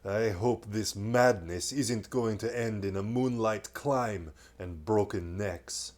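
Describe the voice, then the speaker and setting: A man doing a grumbling gruff dwarf. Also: fairly low pitch, slow pace, darkish tone. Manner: grumbling, grousing.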